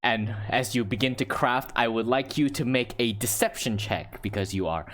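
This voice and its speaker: A man narrating as game master of a tabletop role-playing game, relaxed, chuckling and breaking off his sentences. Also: medium pitch, normal speed, a little hiss or hum.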